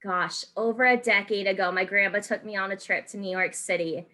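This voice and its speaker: A woman's voice: mid-range voice, fairly even intonation, brisk, pushed and bright. A woman hosting a podcast interview, chatting casually and gushing with enthusiasm. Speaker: podcast host.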